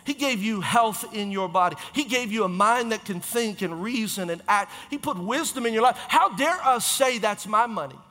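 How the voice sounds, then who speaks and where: A pastor preaches an impassioned, animated sermon, repeating phrases and quickly correcting himself as he drives his point home. His voice is high and bright. The sound comes from a reverberant church hall, with faint music underneath.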